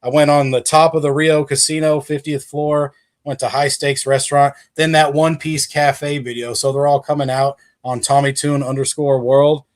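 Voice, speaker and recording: A man's voice: on the high side, little pitch movement, moderate pace. A man who is a guest on a livestream, chatting casually and enthusiastically with lots of fillers. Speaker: guest creator.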